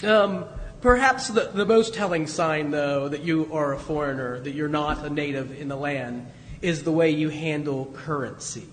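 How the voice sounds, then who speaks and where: A man with a notably high voice delivers a chatty sermon, telling stories with light chuckles. His voice rings out in a long reverb, as if in a large church hall, with a faint low rumble underneath. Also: moderate pace. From United States. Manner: conversational storytelling with chuckles. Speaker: pastor.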